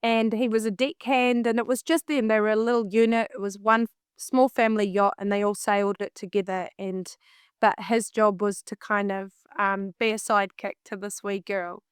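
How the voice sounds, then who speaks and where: Animated New Zealand woman telling stories. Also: mid-range voice, normal speed, smooth, no echo, studio quality. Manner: animated, acts out her own past thoughts. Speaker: guest, singer and vocal coach. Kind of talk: casual storytelling in an interview.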